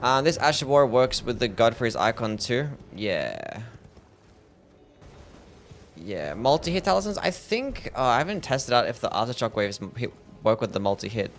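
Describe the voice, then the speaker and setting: A young Australian man streams a game at a moderate pace, his medium-pitched voice set against slight background noise. In casual, relaxed, mumbly chat he takes viewers' questions, often ending unsure with "I don't know."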